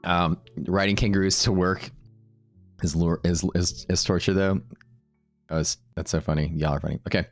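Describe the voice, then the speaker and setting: A man's voice: sits low, fairly even intonation, no echo, soft background music. A man teaching trading live on stream, casual and upbeat, chatting with viewers between explanations. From Texas. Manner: casual and upbeat, full of fillers and quick asides to chat.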